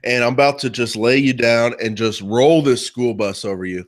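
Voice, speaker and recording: A man's voice: medium pitch, normal speed. A man co-hosting a podcast, telling a joking story in a teasing, casual way. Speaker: podcast co-host. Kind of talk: casual chat.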